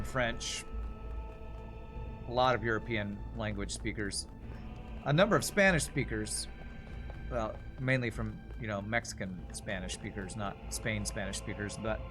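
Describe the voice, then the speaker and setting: A man's voice: medium pitch, fairly bright tone. Brief: American male streamer, casual and rambling, faint game music underneath. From United States. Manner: chatty, amused, rambling. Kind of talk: casual gameplay commentary.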